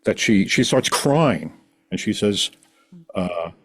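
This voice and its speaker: Rambling through a long personal tale, a middle-aged man appearing as a podcast guest animatedly acts out the voices of those in it, in casual storytelling. He speaks slowly, his voice on the low side.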